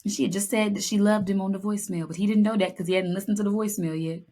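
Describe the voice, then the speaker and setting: A young woman co-hosting a podcast in casual chat, telling stories with lively acted-out lines and playful asides. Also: mid-range voice, racing. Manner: animated storytelling, acts out lines, playful. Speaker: podcast co-host.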